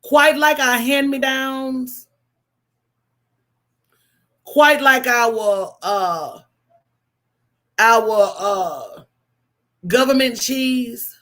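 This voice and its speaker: Woman, unhurried delivery, animated preachy storytelling, host. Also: high-pitched. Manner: animated, preachy storytelling with call-and-response asides. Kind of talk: casual livestream talk.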